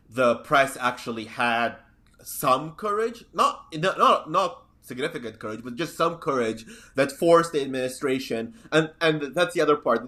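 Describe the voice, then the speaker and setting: A man's voice: mid-range voice, pushed and bright. A man hosting a podcast in casual chat, sardonic and rambling. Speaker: podcast host.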